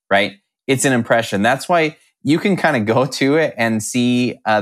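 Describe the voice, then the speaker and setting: A man's voice: fairly low pitch, no echo. A man co-hosting a casual podcast, explaining hiring in a coaching manner. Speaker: podcast co-host, hiring advisor.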